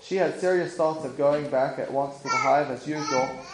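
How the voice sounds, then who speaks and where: Man reading a storybook aloud. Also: fairly high pitch. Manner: measured, old-fashioned storytelling. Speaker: narrator. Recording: echoey room with faint noise.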